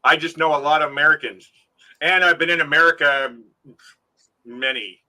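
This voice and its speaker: A man from Canada in casual group chat, animated and joking with quick exclamations. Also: fairly high pitch.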